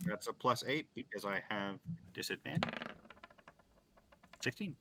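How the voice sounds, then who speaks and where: A man playing a tabletop game, describing his character's actions in a halting, sarcastic way. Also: lowish voice, animated, creaky, noisy background. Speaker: player. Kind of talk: casual tabletop play.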